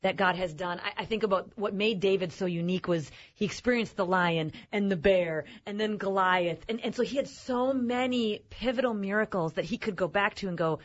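A woman's voice: medium pitch, a little fast, few pauses, dull audio. A woman talking as a guest on a Christian talk show, thoughtful and sharing advice. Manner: thoughtful, many restarts.

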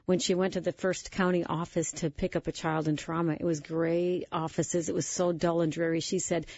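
A woman with a lowish, husky voice hosts a faith talk show and tells stories in an earnest way. The sound is dry and a little dull. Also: level tone, normal speed, a little mellow, no echo. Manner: earnest storytelling. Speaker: host.

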